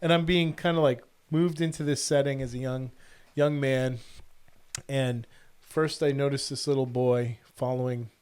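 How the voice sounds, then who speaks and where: Middle-aged male podcast host; lively storyteller who voices the characters himself. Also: medium pitch. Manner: animated, quotes people in the story. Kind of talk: casual storytelling.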